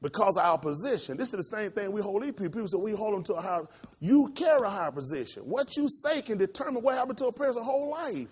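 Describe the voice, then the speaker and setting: Impassioned preacher with a lively, swooping voice. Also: male voice, fast talker, husky. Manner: impassioned storytelling, swinging between loud high outbursts and low quiet asides. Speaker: pastor. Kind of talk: sermon.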